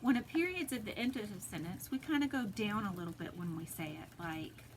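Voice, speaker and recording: A woman teaching a phonics lesson to preschoolers, sounding out letters slowly and deliberately, recorded at home. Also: medium pitch, expressive. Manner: slow, deliberate, sounds out letters for little kids. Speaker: pre-K teacher. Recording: noisy home video recording.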